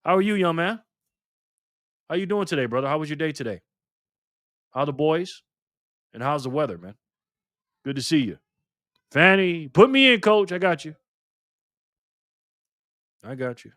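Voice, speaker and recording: A man's voice: fairly high pitch, very animated, moderate pace, long pauses, fairly bright tone, dry recording, studio quality. A man hosting a live stream alone at a microphone, upbeat in casual chat, greeting viewers by name and calling them brother and man. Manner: calls people brother and man.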